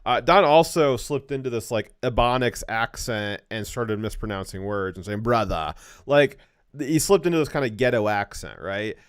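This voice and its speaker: A man hosting a casual political commentary show, talking in animated bursts, often restarting his words and chuckling at his own points. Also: mid-range voice, moderate pace, clear, resonant tone, no echo, studio quality. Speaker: show host.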